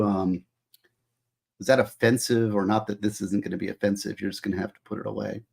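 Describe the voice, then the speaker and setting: Casting: man, husky-voiced livestream host, chatty and thinking aloud, mid pitch. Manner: musing aloud, asking chat for opinions. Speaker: author hosting a livestream. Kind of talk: casual livestream chat with viewers.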